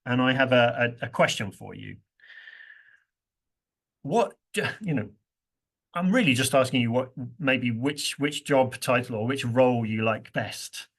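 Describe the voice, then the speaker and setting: A man's voice: medium pitch, animated, a little slow. A man leading a university workshop, playful, often laughing and acting out example phrases. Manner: playful, laughs often, acts out stressed words. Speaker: workshop presenter. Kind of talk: interactive workshop teaching.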